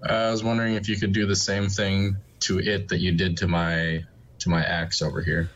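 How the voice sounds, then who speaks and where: Deep-voiced man on a dull lo-fi mic. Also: flat delivery, brisk, fairly bright tone, a little hiss or hum. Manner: laid-back, brief replies. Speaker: player. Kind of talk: casual tabletop play.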